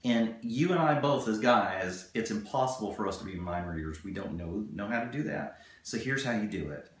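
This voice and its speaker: A man giving relationship advice in a casual, earnest coaching tone, slowing down for key points. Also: on the low side, expressive. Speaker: relationship video co-host. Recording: very echoey room.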